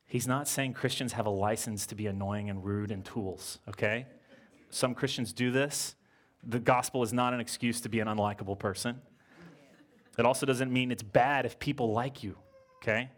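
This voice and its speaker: A man preaching a sermon in a lively, conversational way, joking with the congregation and slowing down to stress scripture quotes. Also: on the low side. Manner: lively, conversational preaching with casual slang and jokes; slows and stresses when quoting scripture. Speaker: pastor.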